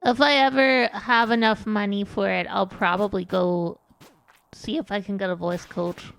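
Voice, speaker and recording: A woman's voice: mid-range voice, steady tone, moderate pace, gravelly, fairly bright tone. A woman streamer chatting casually while gaming, rambling and self-deprecating, often restarting her sentences. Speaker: VTuber streamer. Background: faint background music.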